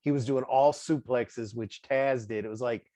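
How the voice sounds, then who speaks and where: A man's voice: mid-range voice, fairly even intonation, normal speed, mellow, no room sound. A man hosting a casual wrestling interview, chatty and laughing often as he asks questions. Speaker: interview host. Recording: dry, dull lo-fi audio.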